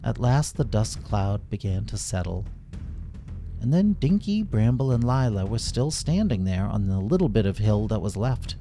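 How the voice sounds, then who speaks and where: A man gently narrating a children's story, expressive and reading every part aloud. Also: fairly low pitch, normal speed, soft background music.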